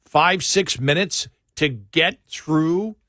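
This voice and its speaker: A man's voice: fairly high pitch, slow pace, bright, forceful tone, no echo, studio quality. A man hosting an overnight radio talk show, reading a list aloud and trading quips, his speech speeding up when he gets annoyed. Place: radio studio. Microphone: studio microphone.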